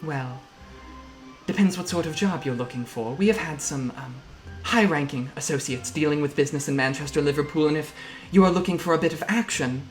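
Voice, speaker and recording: A man voicing a polite, scheming female AI matriarch who speaks in a genteel, measured way. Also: fairly high pitch, soft background music, natural voice.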